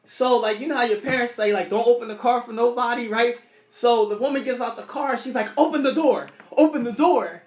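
A man's voice: very high-pitched, fairly even intonation, brisk, roomy sound. A young man casually telling a story from his childhood, rambling and restarting his sentences often.

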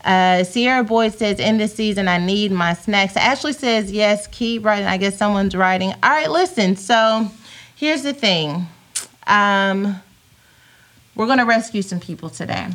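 A woman's voice: mid-range voice, a little slow, a bit bright. A woman hosting a podcast from home, chatting casually and reading out viewer comments. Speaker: podcast host. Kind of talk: casual live-stream chat reading comments.

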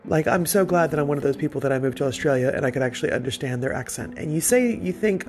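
Chatty, digressive man, fairly high voice. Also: fast talker, hardly any pauses, faint music behind. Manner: chatty and digressive, self-deprecating asides; laughs softly between thoughts. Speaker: podcast host. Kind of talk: casual storytelling monologue.

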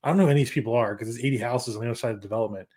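A man with an ordinary, mid-range voice talks sports in a loose, rambling way. He swears freely and rushes in bursts. When he breaks down his picks, he sounds sure of himself. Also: mid-range voice, a little mellow. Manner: confident fantasy football analysis. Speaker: podcast guest. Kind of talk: casual sports chat.

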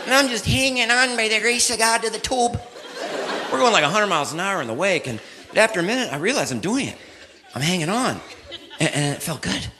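Stand-up comedian before a laughing crowd. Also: male voice, sits high, a little fast. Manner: excitable storytelling with voices for friends. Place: live comedy venue with audience. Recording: live audience laughter and crowd noise.

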